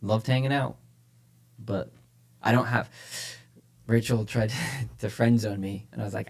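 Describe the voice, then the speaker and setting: A man's voice: on the low side, fairly even intonation, measured pace, vocal fry. A man co-hosting a church podcast, talking casually and with energy about faith, often repeating phrases for emphasis. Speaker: podcast co-host, church leader.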